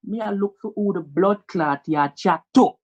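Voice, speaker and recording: A man voicing a fierce, sharp-tongued Jamaican mother who scolds her son in heavy patois. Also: high voice, moderate pace, no echo, lo-fi sound, voice pushed up. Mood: scolding.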